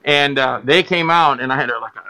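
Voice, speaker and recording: A man guest on a podcast telling stories about his filmmaking, animated and acting out other people's voices. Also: mid-range voice, fairly quick, clear, resonant tone. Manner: animated, acts out quoted voices, laughs often. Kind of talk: casual storytelling interview.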